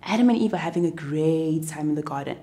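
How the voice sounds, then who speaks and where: A young woman teaching children's church, narrating a Bible story to kids in an animated, expressive way. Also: deep voice, fast talker.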